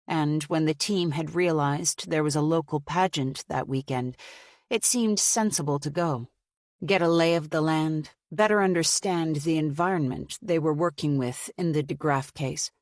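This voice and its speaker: A woman reads a suspense novel aloud in a steady, measured way. Her voice sits low, and the recording is close and dry, with no room sound around it. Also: dry recording. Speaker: audiobook narrator. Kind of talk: scripted audiobook narration.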